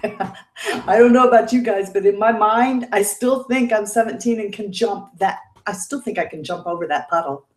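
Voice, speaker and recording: Casual fifties woman livestream host, mid-range pitch, laughs easily, echoey room sound. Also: moderate pace, a little mellow. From Indiana, United States. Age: 50s. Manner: chatty and emotional, laughs often. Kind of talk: casual livestream chat, reading viewer comments.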